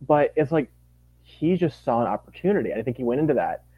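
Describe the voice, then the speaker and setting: Animated man gushing in casual chat. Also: mid-range voice, a little fast, husky, no room sound, narrow, tinny audio. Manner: animated, gushing, acts out quotes. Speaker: podcast guest.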